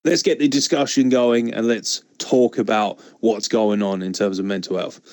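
On his laid-back wrestling podcast, this host jokes around and does mock promo bits in a lowish, steady, slightly mellow voice at normal speed. The studio-quality recording is dry.

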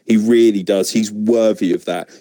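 A man's voice: lowish voice, fairly even intonation, normal speed, warm tone, no echo. A man co-hosting a casual review podcast, ranting sarcastically and swearing freely. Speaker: podcast co-host. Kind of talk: casual wrestling review chat.

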